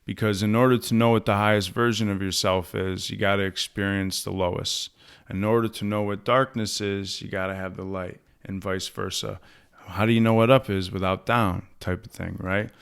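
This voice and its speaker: A man's voice: lowish voice, steady tone, normal speed, creaky, fairly bright tone, clear, resonant tone. A young adult man speaking candidly on a podcast, telling stories bluntly and with profanity. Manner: blunt, profane, storytelling with quoted dialogue. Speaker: podcast host. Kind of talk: candid podcast talk on recovery. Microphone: studio podcast mic.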